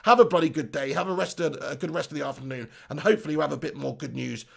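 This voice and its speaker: Bloke on a live stream, high gravelly voice, chatty shout-outs to the chat. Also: male voice, rapid-fire. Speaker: football channel host.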